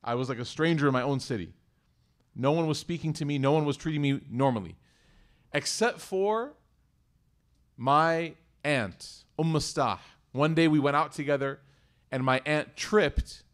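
A man telling a religious story to a congregation, animated, swinging between loud emphasis and hushed asides. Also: on the high side, moderate pace. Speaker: community religious speaker.

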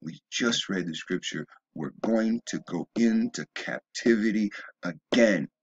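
A man's voice: on the low side, measured pace, husky, highs cut off. A man delivering a rambling opinion monologue, often stumbling and restarting, then rising into emphatic bursts. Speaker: video blogger.

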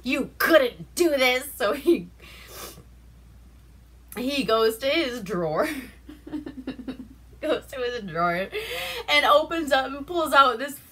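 A woman's voice: high voice, animated, slow, long pauses, fairly bright tone, slightly rough. A woman from Alaska hosting a casual, profane movie review, laughing often and acting out characters' lines. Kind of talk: casual movie recap with swearing.

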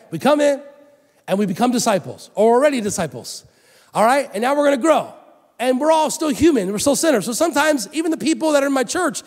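A middle-aged man preaching a sermon as pastor in a church, animated, swinging from loud emphatic lines to soft hushed ones. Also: high-pitched. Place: church sanctuary. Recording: long hall reverb.

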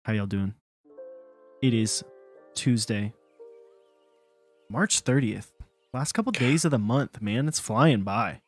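A man co-hosting a casual livestream, relaxed and chatty, with a lot of fillers. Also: mid-range voice, slow, pauses often, faint music behind. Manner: relaxed, lots of "dude" and fillers. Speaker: co-host.

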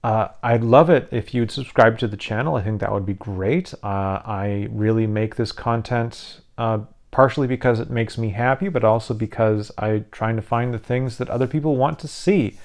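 A man's voice: medium pitch, moderate pace, few pauses. A tired, yawning man hosting his own channel, rambling casually with frequent restarts as he explains tabletop game rules. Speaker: YouTube channel host.

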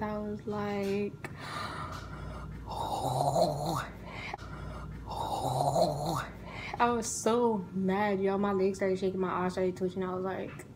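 Lively young woman telling a storytime. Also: mid-range voice, heavy background noise. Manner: animated, acts out the people in her story. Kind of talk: casual storytime vlog.

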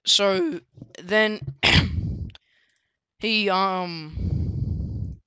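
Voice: medium pitch, extremely slow, pushed and bright, clean tone, dry recording. A book reviewer casually recapping a story, rambling with many fillers and restarts.

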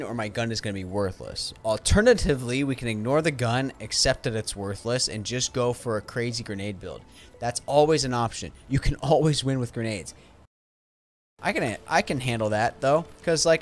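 Young man, gaming commentary, excitable, chatty, faint game music behind. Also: mid-range voice. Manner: excitable, chatty, swings between loud hype and muttering. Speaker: gaming YouTuber. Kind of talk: casual gameplay commentary.

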